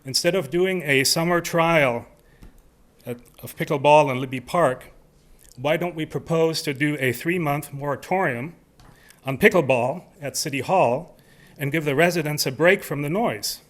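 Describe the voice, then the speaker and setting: A man's voice: fairly high pitch, normal speed. A man making a formal, argumentative public comment at a city council meeting.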